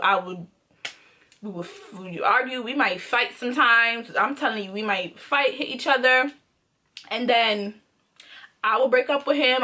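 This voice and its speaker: A young woman tells a personal story to her camera in a casual, candid monologue. Her voice is bright and sits a little high, and she drives her points home by repeating phrases emphatically. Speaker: vlogger.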